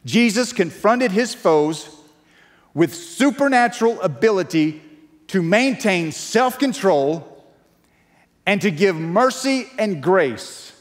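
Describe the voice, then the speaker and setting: High-voiced pastor preaching in a reverberant church. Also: male voice. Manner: earnest preaching, drops to a hushed plea then leads loud proclamations. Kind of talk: sermon. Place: church sanctuary. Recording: long church reverb with faint music.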